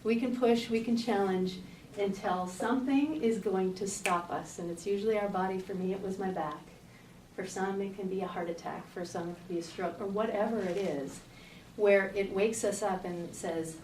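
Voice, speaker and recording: A middle-aged woman, a fitness coach, giving a lively motivational talk to an audience and telling her own story. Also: medium pitch, normal speed, slight background noise. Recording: roomy, distant audience-talk recording.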